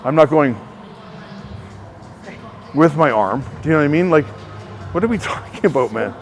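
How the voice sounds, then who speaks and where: Soft music sits under a man whose voice is a little high, creaky, and animated, moving at an ordinary pace. He's a personal trainer rambling casually to the camera, cursing and leaning on "like" to fill pauses.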